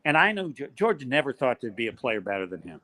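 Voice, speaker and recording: An older man, a college basketball play-by-play announcer, telling animated stories as a podcast guest. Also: medium pitch, fast talker. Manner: animated storyteller, acts out quoted voices. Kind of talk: storytelling in a podcast interview.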